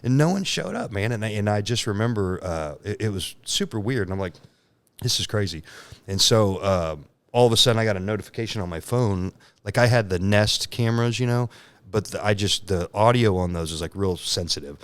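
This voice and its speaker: Male podcast guest in his thirties: low voice, dry close sound, frank storyteller who laughs a lot. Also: expressive, brisk, smooth, no room sound. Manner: candid, laughs often, acts out quoted lines. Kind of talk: casual personal storytelling.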